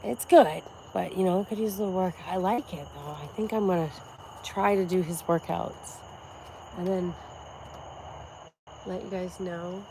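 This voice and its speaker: A woman's voice: fairly low pitch, measured pace, long pauses, background noise. A woman in her forties, out of breath, vlogging casually while working out, brash, profane and boastful. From Florida.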